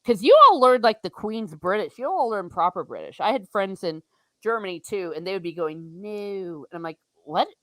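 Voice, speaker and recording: An American woman hosts a casual online book chat, lively and talkative, stopping often to read out viewer comments. Her voice sits in a middle range and sounds dry and close, with no room around it. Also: mid-range voice, fairly quick, no room sound. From United States. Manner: chatty, animated, reads viewer comments aloud. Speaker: host.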